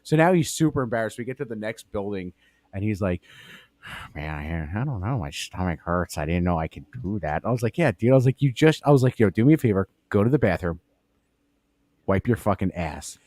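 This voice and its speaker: A low-pitched man talks into a studio mic with a dry, close sound. He is profane and animated, a casual storyteller who drops into impressions of the people in his tales. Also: fairly quick, no room sound. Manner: profane, animated storyteller doing voices of coworkers. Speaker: podcast co-host. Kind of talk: crude casual chat and storytelling.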